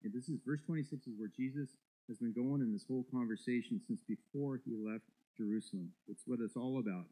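A man's voice: mid-range voice, fast, dark tone, poor audio. A male pastor preaching a sermon, emphatic and repeating words as he builds each point.

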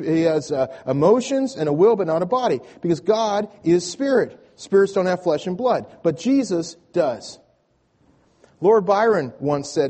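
A man preaching in a church, his voice pitched slightly high yet dark in tone. He often repeats a word as he restarts a phrase. He calls on the congregation to say lines back to him. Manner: repeats words when restarting, asks the congregation to respond. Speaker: pastor. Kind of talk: sermon.

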